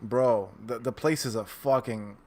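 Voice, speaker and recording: Profane New York podcast host. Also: male voice, mid-range voice, measured pace, darkish tone. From the Bronx, New York. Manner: profane, emphatic, says "bro" a lot. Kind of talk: casual gaming podcast chat.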